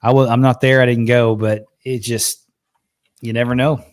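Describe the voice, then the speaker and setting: Male host, easygoing and chatty, middle pitch, dry close recording. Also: little pitch movement, moderate pace, clean tone, dry recording. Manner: laid-back, keeps saying "man". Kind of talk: casual chat on a live show.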